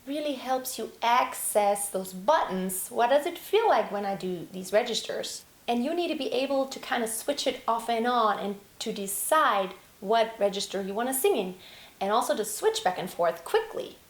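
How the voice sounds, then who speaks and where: High, lively woman teaching singing. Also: normal speed. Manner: explains calmly, then breaks into sung and shouted examples. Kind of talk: vocal lesson with sung demonstrations. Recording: roomy echo.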